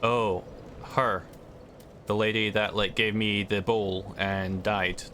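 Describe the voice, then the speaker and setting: A Scottish man chats loosely with his viewers while he plays, hedging and wandering from point to point. His voice sits a little low, yet it comes across bright and forceful. A faint hiss of noise runs under the recording. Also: little pitch movement, slow pace. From Scotland. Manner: chatty, rambling, hedging, answers chat. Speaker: streamer. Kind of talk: casual chat while gaming.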